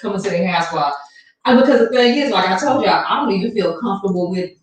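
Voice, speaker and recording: Fast-talking woman on an echoey distant mic. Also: medium pitch, expressive. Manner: fast, hedging with "you know". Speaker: radio show co-host. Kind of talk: casual panel chat. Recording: echoey room, distant mic, faint noise.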